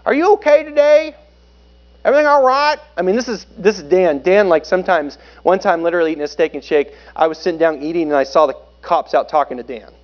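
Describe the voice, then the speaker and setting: Pastor, man, high-pitched voice, casual joking sermon delivery, muffled church recording. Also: fairly even intonation, fast, hardly any pauses. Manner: conversational and joking, with sudden loud and soft swings.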